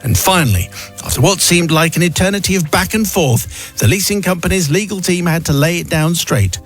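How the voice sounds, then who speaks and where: Man reading a letter over soft music. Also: sits high, a little fast. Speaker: radio host. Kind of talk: reading a listener's letter aloud.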